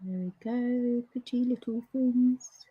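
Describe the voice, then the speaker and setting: Slow-talking woman demonstrating crafts. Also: a little high, fairly even intonation, warm tone, breathy edge, dry recording, dull audio. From United Kingdom. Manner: chatty, talks to viewers while colouring. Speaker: papercraft demonstrator. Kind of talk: casual live craft demonstration.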